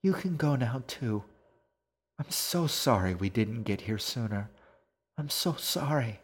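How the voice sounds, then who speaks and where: A man voicing a young girl in an audiobook, quiet, deliberate and commanding. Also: medium pitch, animated, breathy edge, voice pushed up. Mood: soothing. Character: young girl, quiet and steely, fierce when pressed. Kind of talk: audiobook character voice.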